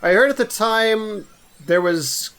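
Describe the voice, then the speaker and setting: Man co-host with a higher voice, chatty asides. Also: unhurried, a bit bright, smooth. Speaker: podcast co-host. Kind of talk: casual podcast chat.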